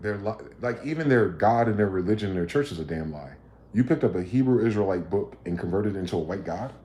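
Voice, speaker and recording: A man's voice: on the low side, expressive, fast talker, dark tone, roomy sound. A man, hosting a livestream and ranting profanely, firing off combative rhetorical questions. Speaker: livestream host.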